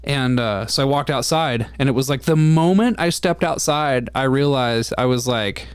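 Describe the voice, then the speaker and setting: A man's voice: mid-range voice, normal speed, clear, resonant tone, no room sound, clean studio sound. A man co-hosting a podcast, telling a story in a candid casual chat and swearing freely. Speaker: podcast co-host.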